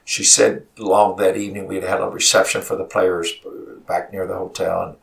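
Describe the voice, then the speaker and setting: A man, a college basketball head coach, telling stories in an animated way as a studio guest, repeating words as he gets worked up. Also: low voice, brisk, gravelly. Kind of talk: emotional storytelling in a studio interview. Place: radio studio. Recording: voice sounds far from the mic.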